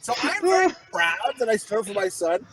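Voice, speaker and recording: A man co-hosting a podcast, telling crude stories with lots of swearing and acting out shouted quotes. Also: very high voice, normal speed, crowd noise, low-quality recording. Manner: profane, animated, acts out shouted quotes. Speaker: podcast co-host. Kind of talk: crude comedic storytelling.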